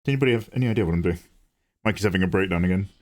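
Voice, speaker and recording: A man's voice: sits low, steady tone, rapid-fire, a little mellow. A man, chatting casually to viewers during a livestream and rambling through his answers. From England. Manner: rambling, chatty, reads chat aloud and answers with laughs. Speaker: livestreaming artist.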